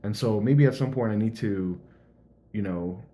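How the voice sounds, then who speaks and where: Give me an earnest young man talking through his thoughts on a vlog, fairly low voice. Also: normal speed, mellow. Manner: earnest, searching, thinks aloud. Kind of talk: casual reflective vlog monologue.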